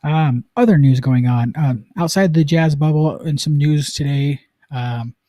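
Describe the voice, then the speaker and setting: A man's voice: a little high, measured pace, dark tone, no room sound. A man from Utah hosting a casual live-streamed sports talk show, chatting loosely with plenty of fillers. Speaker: sports podcast host.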